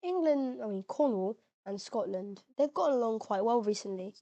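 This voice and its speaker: A woman's voice: fairly high pitch, expressive, moderate pace, mellow, muffled recording. A woman giving casual, slangy commentary over a map game, chatty and informal with lots of fillers and the odd voice crack. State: occasional voice cracks. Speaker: mapping video narrator.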